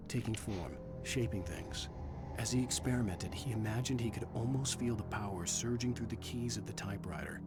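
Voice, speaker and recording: An actor playing a brooding male writer in a game, narrating in a measured, somber way. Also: lowish voice, lightly acted. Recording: narration over music.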